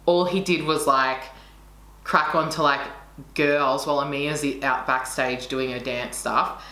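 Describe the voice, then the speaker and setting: A woman's voice: very deep voice, fairly even intonation, unhurried, bright, forceful tone. A young woman telling a story in casual chat, passionate and swearing freely as she acts out what people said. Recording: echoey room with faint noise.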